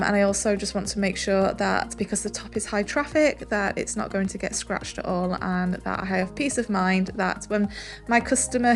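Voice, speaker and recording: Chatty woman explaining furniture painting. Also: medium pitch. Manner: relaxed, chatty, says "um" and "really, really" often. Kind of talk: step-by-step painting tutorial voice-over.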